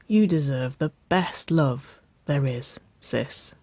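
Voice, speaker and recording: A reader voicing an affectionate, teasing adult sister in an audiobook, soft and warm-hearted. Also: mid-range voice, takes it slowly, no room sound. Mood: tender teasing. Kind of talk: audiobook character voice.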